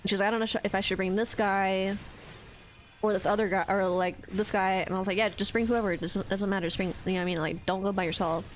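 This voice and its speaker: A woman's voice: mid-range voice, steady tone, quick pace, soft background music, low-quality recording. A young woman streamer venting in casual chat to her viewers, swearing often and stumbling over her words. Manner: ranting, frequent swearing and restarts.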